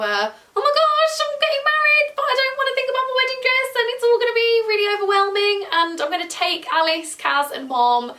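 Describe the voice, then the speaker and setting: Bubbly bright-voiced woman vlogging. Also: sits high. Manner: chatty, bubbly, animated quoting of herself. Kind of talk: casual chat to camera. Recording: roomy echo, a bit distant from mic.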